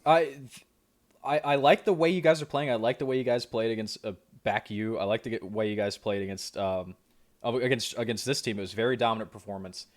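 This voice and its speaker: A man's voice: medium pitch, steady tone, fairly quick. An American man casting an esports match, asking a player rambling questions with many restarts and jokes. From United States. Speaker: esports caster interviewing a player. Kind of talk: casual esports interview.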